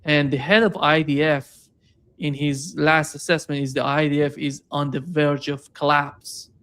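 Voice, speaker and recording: A man hosting an interview, asking questions in a halting way, restarting mid-sentence. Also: a little high, little pitch movement, fairly bright tone. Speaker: host.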